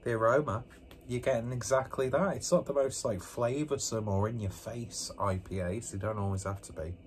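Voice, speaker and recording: A man's voice: mid-range voice, brisk, slight background noise. A man doing a casual beer review vlog, rambling along with joking, self-mocking asides, indoors with a fan running.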